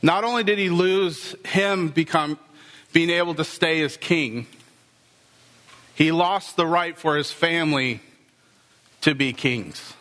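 A male pastor preaching a sermon, telling the story with lively, acted-out dialogue. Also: a little high, slow pace, long pauses, big-room sound.

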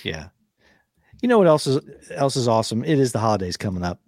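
A man co-hosting a podcast in a loose, folksy way, cracking jokes and laughing as he goes. His voice sits at an ordinary pitch, close on a studio mic in a dry room with no echo. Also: very animated, quick pace, darkish tone. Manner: joking, laughs often, folksy. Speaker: podcast co-host. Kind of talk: casual chat with ad read. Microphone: studio microphone.

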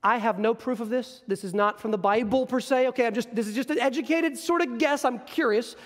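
A man preaching a sermon, teaching from scripture in an animated storytelling manner. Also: very high voice, a little fast, long reverb tail. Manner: animated, storytelling, acts out scenes.

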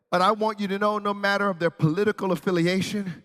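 A male pastor preaching in a church hall with a high, bright voice. He moves from storytelling into shouted preaching. Long reverb trails after every line. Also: steady tone, a little fast. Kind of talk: sermon.

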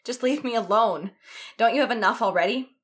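A woman's voice: a little high, a little fast, a bit bright, voice pushed up, close to an everyday voice. A woman reading a story aloud, voicing a young cat-woman who pleads and sobs in panic. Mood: desperate. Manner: sobbing, pleading.

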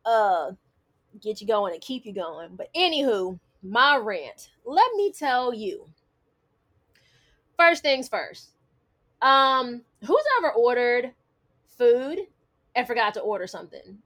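A woman's voice: fairly high pitch, big pitch swings, takes it slowly, long pauses, fairly bright tone. A woman co-hosting a casual chat, teasing and playful as she tells stories. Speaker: podcast co-host.

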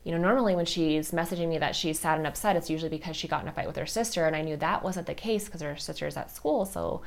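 Soft-spoken woman telling a personal story. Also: deep voice, quick pace, vocal fry. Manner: chatty, heavy use of "like" and "you know"; soft and tender when talking about grief. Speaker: podcast host.

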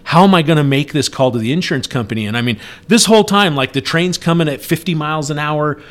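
A middle-aged man telling a story in a casual chat, animated and acting out the shouted lines. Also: a little high, quick pace. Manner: animated, acts out yelled quotes.

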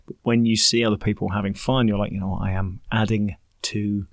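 A man in his forties talks at a quick clip in a slightly low voice, casual and enthusiastic. He acts out the lines of the people he meets. The sound is dry and close. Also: little pitch movement, no room sound. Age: 40s. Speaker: skydiving instructor. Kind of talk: casual chat.

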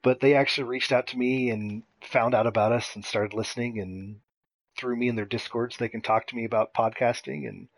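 A man's voice: mid-range voice, steady tone, brisk. A man hosting a casual gaming podcast, chatty and laughing often, with a slight lisp. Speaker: podcast host.

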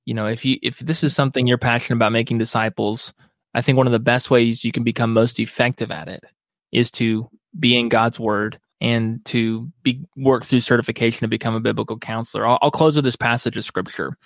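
A man's voice: mid-range voice, level tone, fairly quick, dry recording, clean studio sound. A man being interviewed as a biblical counselor, speaking earnestly and reflectively in a conversational way. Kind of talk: podcast interview.

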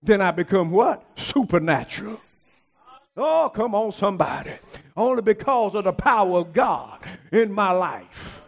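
High, gravelly preaching man. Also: sing-song, a little slow. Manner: preaching, climbing into high shouted peaks, call-and-response. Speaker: pastor. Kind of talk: sermon.

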